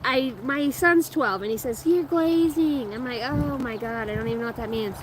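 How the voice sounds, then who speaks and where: A woman's voice: fairly high pitch, brisk. A woman in her thirties or forties reading tarot cards live, chatting loosely with viewers and swearing freely. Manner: loose, profane, laughing, reading chat aloud. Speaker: tarot reader streaming live. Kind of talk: casual live-stream chat and card reading. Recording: loud background noise.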